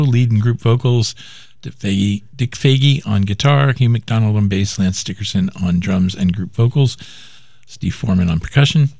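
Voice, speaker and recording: A man with a lowish voice hosts a music radio show in a relaxed, playful way. He back-announces tracks and lists the players. The recording is dry and close. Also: vocal fry, no room sound. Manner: easygoing, lists credits, playful. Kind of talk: casual radio chat, back-announcing songs.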